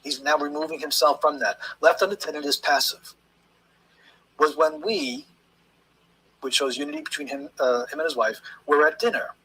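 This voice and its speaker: Man, statement analyst, explanatory lecture, emphatic and measured, raspy breathy voice, slightly high pitch. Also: pushed and bright, low-quality recording. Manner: measured, emphatic teaching delivery. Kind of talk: explanatory lecture on interview language.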